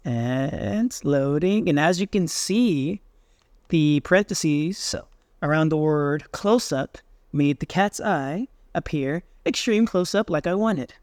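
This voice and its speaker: A man hosting a software tutorial, casually thinking aloud with fillers as he tries things on screen. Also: on the high side, expressive, slow pace, dry recording, clean studio sound. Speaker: tech tutorial host. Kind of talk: screen-recorded software walkthrough.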